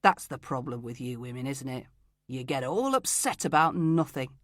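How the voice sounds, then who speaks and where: A man's voice: mid-range voice, lively intonation, moderate pace, fairly bright tone, no room sound, clean studio sound, pitched below the performer's own voice, natural voice. A woman voicing a smug, hostile male detective colleague who taunts and belittles. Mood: sneering.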